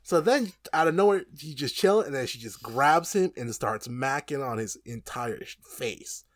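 A man casually recapping an anime episode with friends, animated and profane, laughing often. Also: medium pitch, normal speed, dry recording, clean studio sound.

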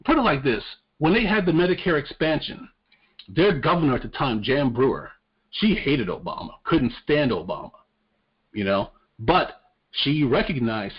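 A man in casual podcast talk, blunt and unfiltered, who curses freely and trips over repeated words as he restarts. His voice sits at an ordinary pitch. The recording is slightly dull and muffled. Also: very animated, normal speed, slightly rough. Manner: blunt, profane, stammers on restarts. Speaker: podcast co-host. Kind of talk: casual political chat. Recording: muffled lo-fi audio.

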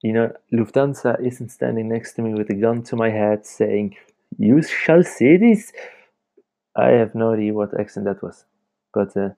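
A man's voice: fairly low pitch, flat delivery, normal speed, gravelly, warm tone. A young man hosting a casual late-night podcast from home, rambling and chatty, laughing often as he talks. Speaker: podcast host.

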